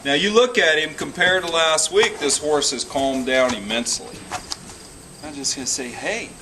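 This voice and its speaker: A man working as a horse trainer, explaining each step calmly and soothing the animal with repeated praise as he works in an outdoor pen. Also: fairly high pitch, moderate pace, recorded from a distance. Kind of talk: instructional commentary while working. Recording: outdoors with loud insect noise.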